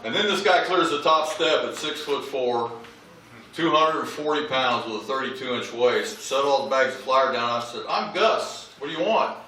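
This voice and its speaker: In a big memorial hall, a man tells family anecdotes as a humorous eulogy, acting out each character's voice as the audience laughs. His mid-range voice is pushed and bright at a normal speed. The low-quality recording was made from a distance, is very echoey, and has slight background noise.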